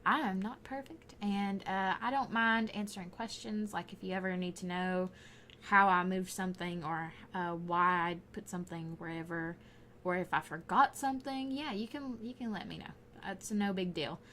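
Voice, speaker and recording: A woman's voice: medium pitch, steady tone, normal speed, fairly bright tone, slight background noise. A young woman with a Southern Alabama accent, rambling casually with frequent laughs as she voices over her gaming video. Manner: rambling, chatty, often laughing. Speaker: gaming YouTuber.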